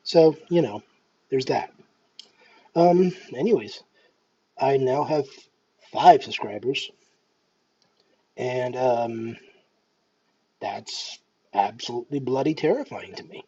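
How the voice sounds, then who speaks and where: A Canadian man in his thirties with a faint Scottish lilt records a casual, nervous vlog monologue, hesitant and self-deprecating with many restarts. His medium-pitched voice is mellow and slightly rough, slow, with long pauses, in a dull lo-fi home recording.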